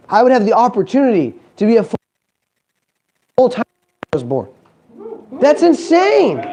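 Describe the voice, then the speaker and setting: A man's voice: extremely high pitch, darkish tone. Chatty man giving a motivational talk. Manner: storytelling, acting out quoted voices, laughing often; chatty, frequent "you know what I mean". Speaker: speaker at a business event.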